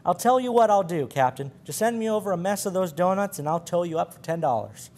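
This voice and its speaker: A man's voice: a little high, measured pace, a little mellow, natural voice. A man voicing a bargaining steamboat captain who roars and coaxes. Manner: roaring, coaxing.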